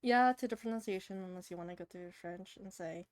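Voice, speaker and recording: A woman's voice: mid-range voice, fairly quick, darkish tone. A young woman with a slightly nasal voice, chatting casually with her live-stream chat while drawing a commission and laughing often.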